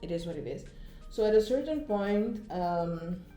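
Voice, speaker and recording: A woman's voice: fairly low pitch, animated, unhurried, warm tone, echoey room, faint music behind. A woman vlogger chatting casually outdoors, telling a concert story with many fillers and acted-out quotes, recorded on a phone. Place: outdoors, walking in the Netherlands.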